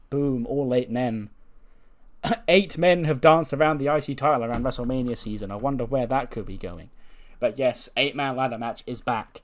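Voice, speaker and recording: A man's voice: mid-range voice, moderate pace. Man narrating a wrestling game run. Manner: lively, acts out promos. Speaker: game video host.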